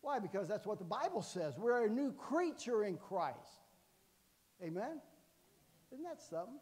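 Older guy preaching, lots of amens and corny jokes, kinda high voice, big echoey church hall. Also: very animated, normal speed, a little mellow. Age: 60s. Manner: folksy, jokey storytelling with frequent "amen". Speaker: guest preacher. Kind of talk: sermon. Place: church sanctuary.

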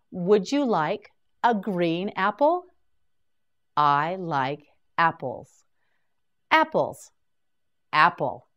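Woman, vocabulary teacher, very slow pace, animated pitch, repeat-after-me drilling. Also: muffled recording.

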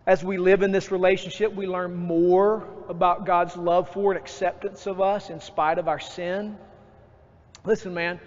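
A man preaching a sermon as pastor, lively and acting out his own outbursts. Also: high voice. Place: church sanctuary. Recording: dull church recording with long reverb.

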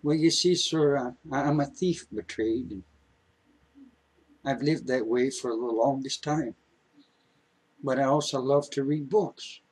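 A man voicing a remorseful male thief who speaks softly and apologetically in a told story. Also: medium pitch, a little slow, long pauses, slightly rough, low-quality recording. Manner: soft, apologetic.

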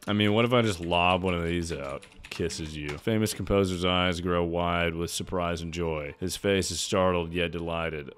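Playful deep-voiced young man streamer. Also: a bit bright, clear, resonant tone. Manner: playful, mocking, often laughing. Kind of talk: comedic reading of an AI chat.

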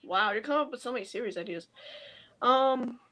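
A woman in casual chat, excitable yet hesitant, thinking out loud. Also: a little high, brisk. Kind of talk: casual chat, playful skits.

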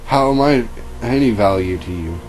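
A man voicing a furious captive woman bounty hunter in a pitched-up, indignant voice over music. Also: expressive, moderate pace, darkish tone, lightly acted, rough recording. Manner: indignant, raised falsetto-ish delivery.

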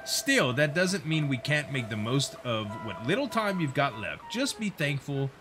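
A man's voice: medium pitch, sing-song, measured pace, over music. A man voicing a mocking skeleton pirate crewman who taunts a captive. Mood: menacing.

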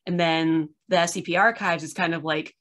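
A woman's voice: fairly low pitch, steady tone, normal speed, fairly bright tone. A tired woman hosting a casual chat from her room at home, full of fillers and rambling asides, on a video call. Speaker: podcast host. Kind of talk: casual discussion.

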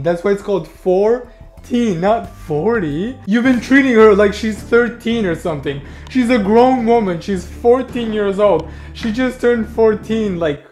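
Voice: mid-range voice, darkish tone. A reaction host giving blunt, profane, sarcastic commentary over a clip.

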